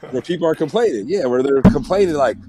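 A man's voice: on the high side, lively intonation, quick pace, a loud crowd. A man in his thirties, a music producer guest, giving blunt and profane advice in casual podcast chat.

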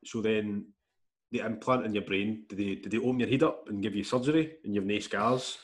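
Scottish man, 40s, podcast co-host, brisk and blunt, low voice. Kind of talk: casual chat.

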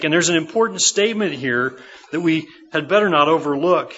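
Middle-aged male pastor, conversational sermon with rhetorical questions; slightly high, bright voice. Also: lively intonation, brisk, slightly rough. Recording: dull lo-fi sermon recording.

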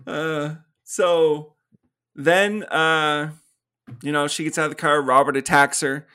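In a relaxed film review on his podcast, a co-host walks through a movie's plot, playing out the characters' lines and laughing often. His voice is on the high side, fairly even in intonation, slow, and bright, forceful, clear, and resonant.

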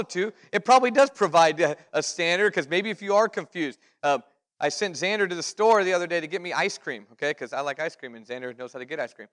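Man pastor teaching Bible study, high voice, folksy and conversational, long reverb of a hall. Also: a bit bright. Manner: folksy, explains with family stories and quoted dialogue.

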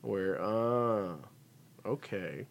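A man's voice: fairly low pitch, extremely slow, vocal fry. A man co-hosting a casual chat about a TV show, laughing often and restarting his sentences. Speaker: podcast co-host.

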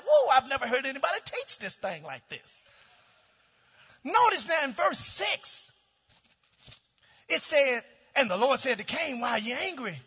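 A middle-aged male pastor preaching a sermon with call-and-response, swinging from shouts down to low, quiet tones. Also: sing-song, moderate pace. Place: church sanctuary. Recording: dull sound with long hall reverb.

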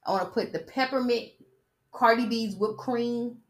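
A woman's voice: a little high, normal speed. A woman hosting a podcast in a casual, sassy style, chatting and mocking as she reads an article aloud. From United States. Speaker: podcast host.

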